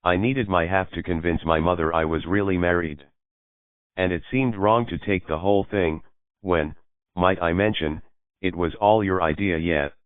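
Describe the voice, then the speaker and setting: Man doing a defensive young dude, deep smooth voice, tinny and dry. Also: normal speed, no echo, lightly acted. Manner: defensive, exasperated. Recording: dry, phone-like lo-fi audio.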